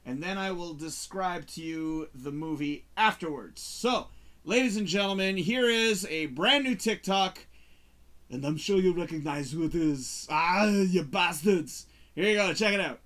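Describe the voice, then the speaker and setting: Man, show host, casual rambling talk, animated, slightly high voice. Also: measured pace. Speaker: show host reviewing movies.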